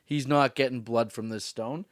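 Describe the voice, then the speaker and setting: A man co-hosting a comedy podcast, telling a road-gig story in a casual, animated way and briefly acting out the people in it. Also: mid-range voice, normal speed, dry recording, clean studio sound. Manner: animated storyteller, acts out voices in quotes.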